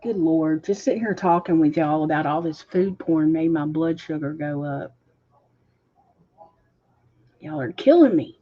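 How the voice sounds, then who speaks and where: A woman hosting a casual livestream, reading viewer comments aloud and chatting with a husky voice. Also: sits low, unhurried, long pauses. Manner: chatty, laughs often, reads chat aloud. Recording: dull lo-fi stream audio.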